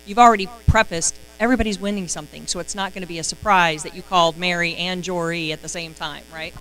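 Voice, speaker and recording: A woman's voice: on the low side, fairly even intonation, fast talker, fairly bright tone, soft background music, poor audio. A woman telling a heartfelt, encouraging story to her sales team on a live stream, earnest and close to tears.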